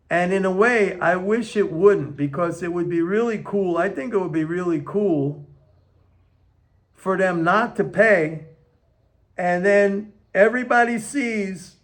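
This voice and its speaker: An older man giving a casual, emphatic opinion monologue on economics, slowing down to stress his points, recorded on a camera on a tripod. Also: sits high. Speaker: economics commentator.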